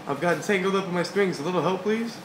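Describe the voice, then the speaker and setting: A man's voice: sits high, fast talker, voice pushed up, natural voice. A man voicing a polite, formal male toy nutcracker soldier who speaks courteously. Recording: echoey room with background hiss.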